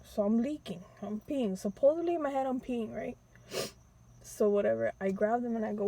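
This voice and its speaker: Husky young woman telling a storytime. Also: normal speed, dark tone. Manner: emotional, re-enacting pleas in a high crying voice, slangy. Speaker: vlogger telling a personal story. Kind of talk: casual storytime.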